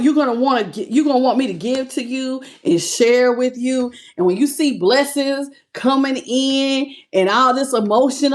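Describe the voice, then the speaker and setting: A woman giving a live tarot reading, greeting viewers in chat by name and talking in a playful, laughing way. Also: high-pitched. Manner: playful, laughs often and sings snippets. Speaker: tarot reader.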